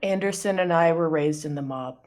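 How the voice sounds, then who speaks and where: A woman's voice: low-pitched, fairly quick, darkish tone. A woman playing in a tabletop game, chatting casually. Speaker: player.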